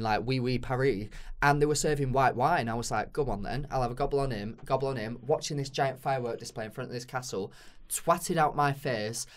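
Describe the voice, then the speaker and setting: A man's voice: mid-range voice, pushed and bright. A man with a British accent, a podcast guest telling a crude, self-mocking story in casual chat, with lots of fillers.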